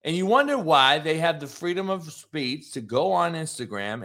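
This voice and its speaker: Profane, heated former coach ranting. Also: male voice, a little high, sing-song, moderate pace, bright, forceful tone. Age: 40s. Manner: blunt, profane, heated storytelling with quoted retorts.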